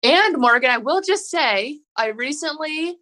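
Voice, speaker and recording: A woman's voice: high-pitched, lively intonation, unhurried, bright, forceful tone. A woman playing a family quiz game, teasing and competitive, with frequent exclamations. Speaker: contestant. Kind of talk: casual game-show banter.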